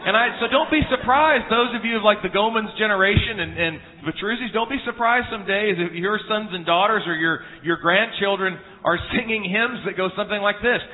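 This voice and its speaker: A man's voice: high-pitched, a little fast, hardly any pauses. A man preaching at a church conference, earnest and humorous, telling homespun stories with frequent restarts. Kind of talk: sermon with anecdotes. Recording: tinny phone-like sound in a reverberant hall.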